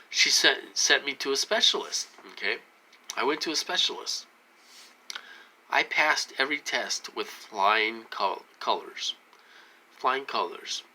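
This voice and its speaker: A man delivers a rambling personal monologue, circling back and repeating himself with many fillers and restarts. His tone stays insistent and aggrieved, and his voice has a very bright, sharp edge at an ordinary male pitch. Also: poor audio. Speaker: vlogger.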